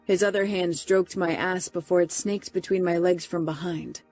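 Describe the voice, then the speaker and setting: A woman narrating a first-person romance audiobook in a steady, close delivery. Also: on the low side, moderate pace, faint music behind.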